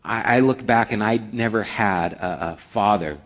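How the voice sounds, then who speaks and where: A man preaching from the pulpit in an earnest pastor's voice. He leans hard into his points, then falls quiet, nearly whispering. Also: fairly low pitch, normal speed. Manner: earnest, swings from forceful emphasis to hushed near-whispers. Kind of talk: sermon.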